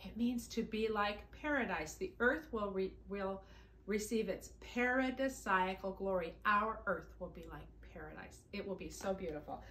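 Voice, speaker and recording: A woman's voice: medium pitch, moderate pace, fairly bright tone, reverberant, a little hiss or hum. A woman leading a children's singing lesson, talking in an upbeat, coaxing way straight to young children. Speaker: children's singing time leader. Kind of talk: teaching children songs and scripture.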